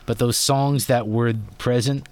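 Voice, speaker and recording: A man's voice: medium pitch, fairly even intonation, measured pace, darkish tone, smooth. A man in his forties hosting an interview, chatty and given to rambling anecdotes. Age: 40s. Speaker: interviewer host. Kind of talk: conversational interview.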